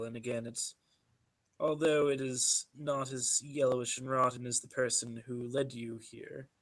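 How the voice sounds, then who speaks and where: A man narrating a tabletop game as game master, describing scenes slowly and deliberately. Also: mid-range voice.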